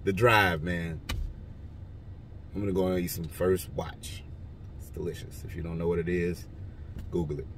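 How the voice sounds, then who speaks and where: A man joking his way through football picks, his voice jumping up high and loud, then dropping low and quiet. He sits a little back from the mic in a car, with faint road noise behind him. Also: moderate pace, pauses often, recorded from a distance. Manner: rambling, joking, lively swings in pitch and loudness. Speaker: vlogger giving football picks. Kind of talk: casual picks monologue.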